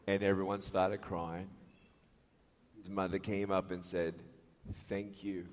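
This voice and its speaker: A man with an Australian accent giving a motivational speech, telling stories in an animated way with sound effects and acted-out dialogue, in a large hall. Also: low-pitched, unhurried. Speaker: motivational speaker. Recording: echoey hall reverb.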